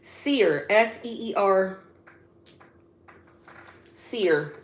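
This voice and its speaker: A woman's voice: medium pitch, expressive, very slow. A woman doing a spiritual tarot reading, blunt and casual, drawing words out with sudden emphatic bursts. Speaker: psychic tarot reader.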